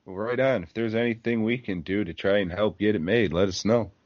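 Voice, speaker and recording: A man's voice: fairly low pitch, brisk, dry recording, lo-fi sound. A man co-hosting a podcast, signing off an interview in a laid-back way with casual slang. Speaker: podcast co-host.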